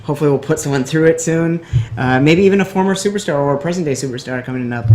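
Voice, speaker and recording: A man's voice: a little high, fast, darkish tone. A man co-hosting a casual podcast, rambling and joking as he acts out quoted remarks. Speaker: podcast co-host. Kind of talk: casual chat.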